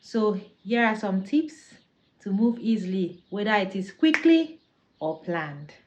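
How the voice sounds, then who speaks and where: A woman's voice: medium pitch, lively intonation, a little slow, noisy background. Sassy chatty woman vlogger. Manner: sassy, chatty and laughing easily. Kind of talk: casual talking-to-camera tips.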